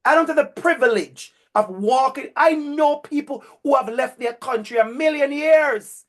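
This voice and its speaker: A man's voice: extremely high pitch, moderate pace, hardly any pauses, fairly bright tone. A man with a Jamaican accent giving a university lecture to a cohort of future teachers. He drives points home with emphatic, preacher-like repetition.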